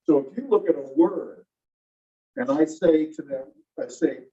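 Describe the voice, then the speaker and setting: Teacher lecturing a class, phone-recorded. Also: male voice, on the high side, lively intonation, normal speed, mellow, breathy edge. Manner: explains step by step, quizzes students. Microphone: phone across the room. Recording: dull phone recording from a distance.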